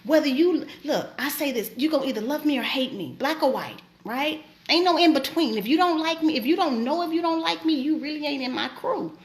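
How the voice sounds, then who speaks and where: A woman's voice: high-pitched, a little fast, few pauses. A woman, host and preacher, giving a casual faith talk in an emphatic, colloquial way. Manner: emphatic, colloquial, animated storytelling.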